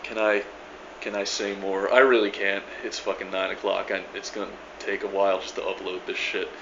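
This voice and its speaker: A man's voice: deep voice, flat delivery, normal speed, gravelly. A man making a casual video reply, rambling and emphatic, with many stammered restarts and frequent swearing. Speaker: video blogger replying to another creator. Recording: dull lo-fi sound with faint background noise.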